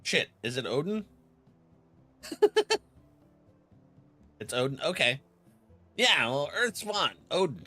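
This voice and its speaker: A man's voice: slow, long pauses, soft background music. A man streaming a game, chatting casually with his viewers and reading their messages aloud, laughing often. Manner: chatty, reads chat aloud, laughs often, lively swings in pitch.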